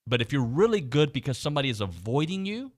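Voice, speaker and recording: A man hosting a casual sports talk radio show, animatedly reading out team stats and quizzing his co-host. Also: medium pitch. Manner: animated, reads stats off quickly. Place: radio studio.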